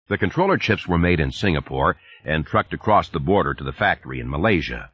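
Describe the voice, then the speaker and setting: A man narrating an audiobook in a measured storytelling manner. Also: extremely low pitch, big pitch swings, a bit bright, husky, no echo, lo-fi sound. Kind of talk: scripted narration.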